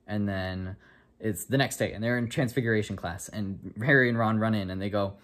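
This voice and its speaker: A man's voice: fairly low pitch, a little fast, fairly bright tone, slight background noise. A man casually retelling a film from memory in a jokey, self-correcting way. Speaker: vlogger.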